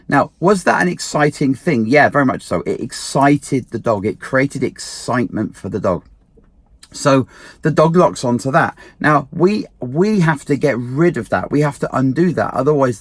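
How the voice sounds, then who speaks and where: A man's voice: mid-range voice, no room sound. A man, a dog trainer and martial arts instructor, giving casual advice and acting out the people he quotes. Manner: emphatic, acts out quoted people.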